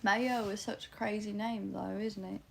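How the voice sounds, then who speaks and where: A woman's voice: mid-range voice, fairly even intonation, moderate pace, vocal fry, a bit bright, a little hiss or hum. A young woman streaming live, reading out viewer comments and replying in a teasing way, laughing a lot. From Canada. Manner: giggly, teasing, often laughing between lines. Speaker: livestreamer.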